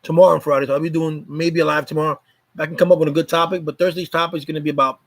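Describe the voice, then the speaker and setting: A man's voice: fairly high pitch, little pitch movement, rapid-fire, poor audio. A man hosting a casual live stream chat, greeting viewers by name in a loose, repetitive way.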